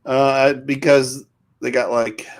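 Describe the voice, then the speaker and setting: A man's voice: mid-range voice, level tone, slow pace. A middle-aged man co-hosting a casual show, chatting in an easygoing, rambling way. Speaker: podcast co-host. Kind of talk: casual chat.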